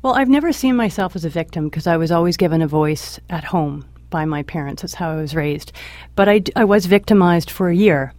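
A woman's voice: on the low side, lively intonation, brisk, darkish tone, no echo. A woman speaking firmly and measuredly as a radio show guest. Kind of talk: radio interview answers.

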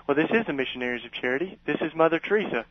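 A man voicing a raspy older woman, a calm nun who does not fuss, on a dull lo-fi radio recording. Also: low-pitched, racing. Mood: plain, calm.

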